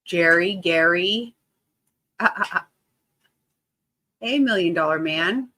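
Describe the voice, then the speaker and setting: A woman hosting a casual livestream, greeting her viewers by name in a bubbly, excitable way and laughing often. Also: lowish voice, takes it slowly, rough recording. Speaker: livestream host.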